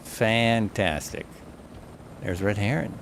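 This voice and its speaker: A man's voice: fairly low pitch, takes it slowly, gravelly, background noise. Rambling man thinking aloud. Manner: rambling, thinks aloud, corrects himself often. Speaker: flight simulator streamer. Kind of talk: casual live gameplay commentary.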